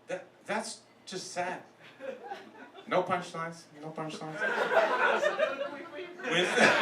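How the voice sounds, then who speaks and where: A man doing a live comedy roast in a club, with a loose, self-mocking delivery and bursts of laughter at his own jokes. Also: high-pitched. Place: comedy club stage with audience. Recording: echoey club, from far off, noisy.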